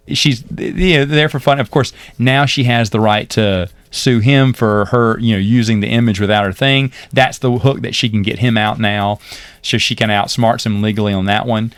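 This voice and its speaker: A man co-hosting a podcast, retelling TV episodes in a rambling, animated way with laughs. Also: medium pitch, dry recording. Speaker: podcast co-host. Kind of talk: casual chat recapping a TV series.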